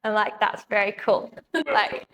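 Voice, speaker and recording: A woman's voice: medium pitch, unhurried, a bit bright. A woman chiropractor giving an upbeat, chatty live presentation with slides to an audience, laughing often. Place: room with an audience. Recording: echoey room, faint background noise.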